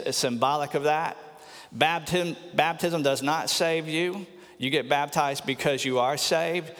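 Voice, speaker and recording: A pastor preaching a sermon with earnest emphasis, slowing down on key phrases and sometimes repeating words. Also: male voice, mid-range voice, a bit bright. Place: church sanctuary. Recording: long church hall reverb.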